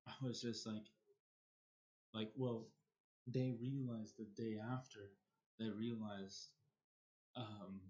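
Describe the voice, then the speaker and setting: A man's voice: lowish voice, little pitch movement, slow, long pauses, darkish tone. Rambling male streamer, dull mic. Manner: rambling, restarts sentences often. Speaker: livestreamer. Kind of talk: casual storytelling while streaming.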